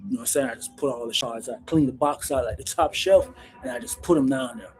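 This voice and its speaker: A man hosting his own channel, telling stories in a casual, animated, slangy way, calling everyone "bro". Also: mid-range voice, fast. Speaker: channel host recounting prison life. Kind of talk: casual storytelling to camera.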